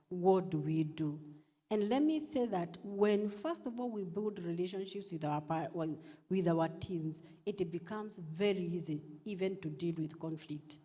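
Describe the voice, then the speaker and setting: A woman's voice: mid-range voice, dark tone. Emphatic woman counselor in a reverberant hall. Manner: emphatic, repeats key points. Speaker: counselor on a parenting panel. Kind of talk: advice talk at a church event. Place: church hall. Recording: long reverb of a large hall.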